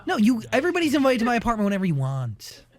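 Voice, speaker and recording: A man hosting a casual interview, asking questions with stammered restarts and quick reactions. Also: extremely high pitch, wildly swooping pitch. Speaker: host.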